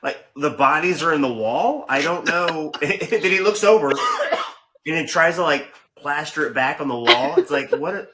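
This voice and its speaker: A man's voice: a little high, animated, normal speed, noisy background. A man co-hosting a casual movie podcast who eagerly jumps in with his own point. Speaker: podcast co-host.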